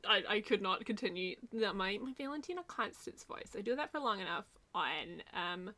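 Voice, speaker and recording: A woman's voice: medium pitch, animated, normal speed, bright, forceful tone. A woman hosting a casual livestream, talking in a rambling way with many restarts. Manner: rambling, lots of fillers and restarts. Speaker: host.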